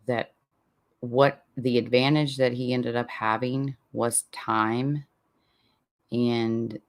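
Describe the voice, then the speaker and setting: This man, who hosts a true crime podcast, rambles through a casual listener Q&A, interrupting himself and laughing at his own remarks. His medium-pitched voice has a creaky quality.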